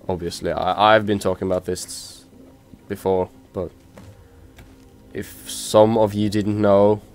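A man from Norway with a Norwegian accent talks over a video game in an unhurried, low voice. He jokes with the characters on screen and swears casually, like a relaxed let's-play commentator. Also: clean tone.

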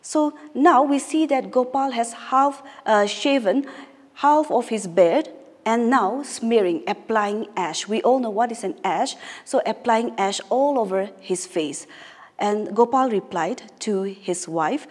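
A woman's voice: fairly high pitch, unhurried, slightly rough. Patient woman teacher in an echoey room. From Nagaland, India. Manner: patient, explanatory, rereads and paraphrases lines. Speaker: English teacher. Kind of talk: classroom lesson explaining a story. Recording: echoey room with long reverb.

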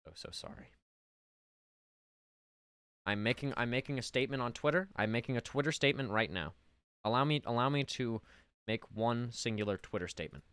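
A young man streaming a game live, ranting at his chat in melodramatic mock outrage, then dropping to quiet muttering. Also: mid-range voice, quick pace, clear, resonant tone, no echo, studio quality. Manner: melodramatic mock outrage, swinging between loud rants and muttering.

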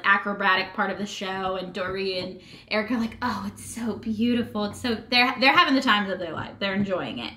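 Young woman, bright voice, casual gossipy recap, filler-heavy chat, close mic. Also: mid-range voice, a little hiss or hum. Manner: gossipy, animated, many "like" and "um" fillers. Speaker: reality TV recap vlogger.

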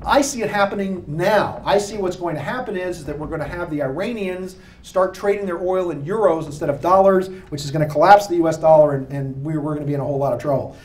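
Animated man lecturing in an echoey room. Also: fairly high pitch, fast talker, few pauses, distant mic. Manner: animated, jokey, preacher-like. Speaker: speaker giving a lecture. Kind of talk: live talk to an audience. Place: room with an audience. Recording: echoey room, voice picked up from afar.

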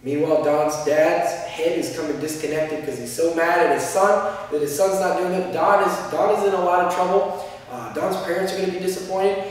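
A man's voice: sits high, fairly even intonation, a little fast. A male martial arts instructor explaining class methods in a practical way, acting out short examples as he teaches. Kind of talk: instructional talk. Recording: echoey room, distant mic.

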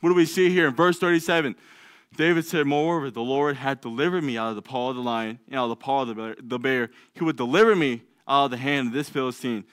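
A man's voice: mid-range voice, fast talker, clean tone, no echo, studio quality. A man preaching a sermon in a church, reading scripture aloud and acting out the doubts of biblical figures in a raised voice. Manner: reads scripture aloud, with some stumbles. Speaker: lay preacher.

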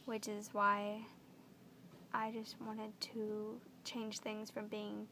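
A young woman vlogging to camera, gushing and emotional as she repeats her words, with a creaky voice. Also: mid-range voice, monotone, slow, background noise. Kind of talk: earnest direct-to-camera vlog.

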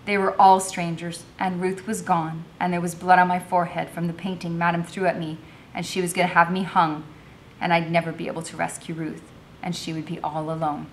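A woman's voice: lowish voice, level tone, brisk, slight background noise. A woman teacher reading a novel aloud, narrating expressively.

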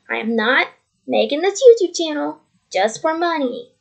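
A woman's voice: high-pitched, expressive, moderate pace, vocal fry, muffled recording. A woman vlogging at home on her computer, talking earnestly and rambling, repeating herself as she shares her faith. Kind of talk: casual faith testimony vlog. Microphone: computer mic.

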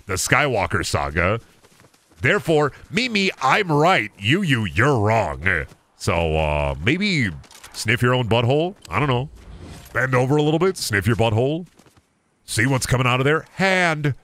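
A man streaming a video game, talking to his chat as he plays. He rambles, stumbles over his words and swears freely while mocking other players. His mid-pitched voice swoops up and down with lively, animated intonation. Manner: profane, mocking rants at chat and opponents; rambling, self-interrupting. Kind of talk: live gaming commentary.

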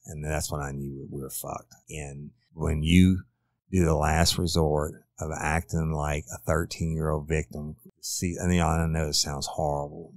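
Man, middle-aged, former detective telling a true crime story, blunt and profane, flat gravelly delivery. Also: extremely low pitch, no room sound. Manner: blunt, profane, casual retelling. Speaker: former detective, podcast host.

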